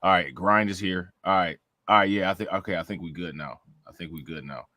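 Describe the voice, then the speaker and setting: A man's voice: low voice, a little fast, pushed and bright, no echo. A man hosting a livestream, talking in a laid-back, slangy way while fixing technical trouble. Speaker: stream host. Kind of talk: casual livestream chat.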